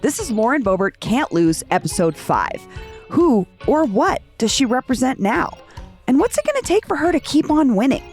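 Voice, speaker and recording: A woman's voice: high voice, very animated, normal speed, darkish tone, faint music behind. A woman hosting a podcast, reading scripted narration with a pointed, dramatic delivery. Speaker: podcast host.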